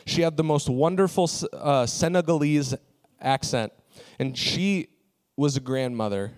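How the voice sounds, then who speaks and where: A man's voice: fairly high pitch, a little slow, a little mellow. Man telling a story in a sermon. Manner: conversational storytelling with fillers. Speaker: pastor.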